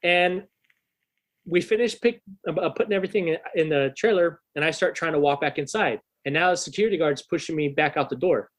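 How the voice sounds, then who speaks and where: A young adult man chatting as a podcast guest, spinning a long story loaded with swearing and restarts. His voice sits a bit higher than most men's, and he talks in a loose, rambling way. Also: brisk. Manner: profane, rambling anecdote with frequent restarts. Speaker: podcast guest and rock musician.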